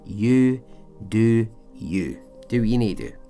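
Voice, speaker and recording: A man's voice: lowish voice, lively intonation, slow, dark tone, soft background music. Chatty man telling a true story. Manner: chatty, conversational asides, frequent "you know". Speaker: podcast host and storyteller. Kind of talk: casual true-story narration.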